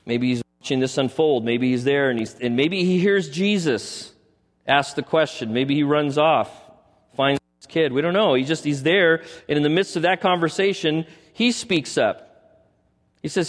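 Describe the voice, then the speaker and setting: A man preaching a sermon, retelling a story with animated delivery and acting out quoted lines. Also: fairly high pitch, normal speed, in a large hall. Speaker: pastor.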